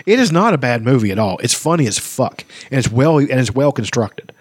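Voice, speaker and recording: A man's voice: medium pitch, big pitch swings, fairly quick, slightly rough, no echo. A middle-aged man co-hosting a podcast, chatting casually and enthusiastically with lots of swearing. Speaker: podcast co-host. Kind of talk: casual chat.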